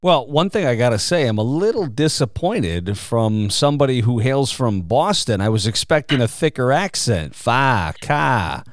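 A man's voice: mid-range voice, big pitch swings, moderate pace, few pauses, no echo, clean studio sound. A man hosting an interview, asking questions in a joking, friendly way. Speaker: podcast host. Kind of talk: casual interview.

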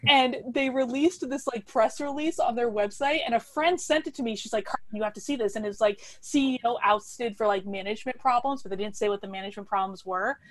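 A woman in her thirties, a podcast guest telling a story in a casual, animated way, laughing often and restarting her sentences. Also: on the high side, a little fast, hardly any pauses, no echo.

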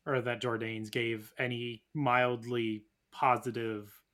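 A man co-hosting a casual history podcast who adds relaxed, joking banter. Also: mid-range voice, takes it slowly. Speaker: podcast co-host.

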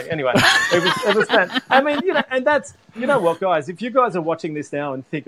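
A man's voice: on the high side, sing-song, noisy background. An Australian man, a livestreamer guest, chatting on a panel in an enthusiastic, emphatic way. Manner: enthusiastic, emphatic, quick bursts of laughter. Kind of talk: casual panel chat.

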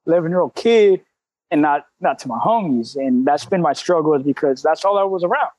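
A man in his thirties with a high voice, talking in a candid, streetwise way full of slang and cussing. The sound is dry and close, with no room around it. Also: lively intonation, fairly quick, darkish tone, dry recording, poor audio. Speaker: CrossFit coach, guest. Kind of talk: casual interview talk.

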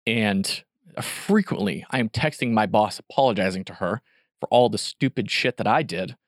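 Male host, lowish voice, upbeat and affirming, dry close-mic sound. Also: normal speed, no room sound. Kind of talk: casual chat.

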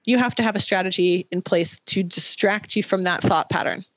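A woman's voice: medium pitch, brisk, dry recording, lo-fi sound. A woman co-hosting a podcast, explaining habits in a casual coaching way and often checking in with "right?". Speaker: podcast co-host, nutrition coach.

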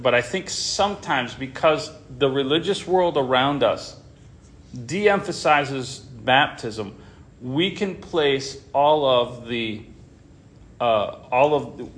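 A man's voice: mid-range voice, a bit bright. A man teaching a Bible class in an informal way, often stopping short, restarting and repeating words as he talks.

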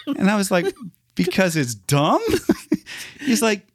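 A man co-hosting a podcast, telling a story in a lively way, acting out the people he quotes and laughing often. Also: high voice, slow pace, no room sound, studio quality. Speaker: podcast co-host, former news reporter. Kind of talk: casual storytelling chat.

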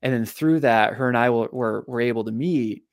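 In this podcast interview, the man, a physical therapist and author, shares a long personal tale in an animated way, repeating words often. He keeps a moderate pace at medium pitch, and the studio-quality recording is dry.

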